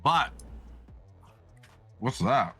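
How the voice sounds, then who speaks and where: A man's voice: mid-range voice, very animated, very slow, sharp tone, breathy edge, faint music behind. Laid-back swearing podcast co-host man. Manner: laid-back, swears casually, eats while talking. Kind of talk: casual chat.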